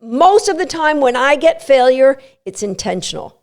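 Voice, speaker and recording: A middle-aged woman hosting a dog training podcast, animated and playful, often breaking into quick voices for what a dog might be thinking. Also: high voice. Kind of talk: podcast teaching talk.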